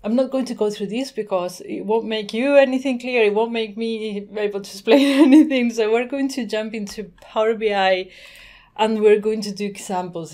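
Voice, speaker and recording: A woman talks through a screen-recorded software tutorial at her desk mic. She is chatty and easygoing, and she thinks aloud as she goes. She laughs now and then, and her voice sits at an ordinary middle pitch. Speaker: tutorial host.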